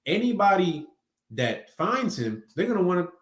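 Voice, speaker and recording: A man's voice: high voice, sing-song, normal speed. A man preaching an informal sermon in a conversational, emphatic way, acting out quoted voices as he teaches. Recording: roomy echo.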